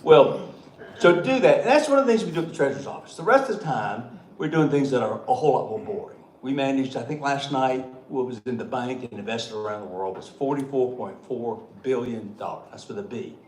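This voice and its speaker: A man's voice: mid-range voice, animated, fairly quick, darkish tone. Man, folksy and joking, echoey meeting room, faint hum. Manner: folksy, joking, chuckling often. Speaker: state treasurer. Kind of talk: storytelling speech at a meeting. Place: meeting hall.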